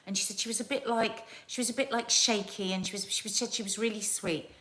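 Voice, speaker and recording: Chatty South Londoner rambling on a live stream. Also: female voice, mid-range voice, fast. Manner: chatty, rambling, animated storytelling. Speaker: live show host. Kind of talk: casual live-stream chat.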